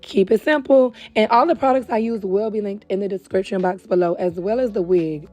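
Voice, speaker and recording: Young woman, wig tutorial host, chatty, a bit hoarse and winded, mellow dark tone. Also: mid-range voice. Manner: chatty, calls viewers girl and baby. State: tired and hoarse, short of breath. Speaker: beauty supply wig stylist host. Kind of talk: casual tutorial talk to camera. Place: indoors at home.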